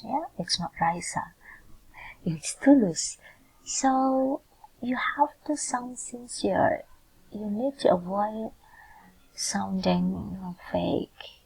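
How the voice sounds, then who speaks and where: Woman lecturer, super gravelly husky voice, explains slowly, keeps saying yeah. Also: mid-range voice, a little mellow, low-quality recording. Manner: explanatory, often checks in with "yeah". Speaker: university lecturer. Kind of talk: recorded screencast lecture.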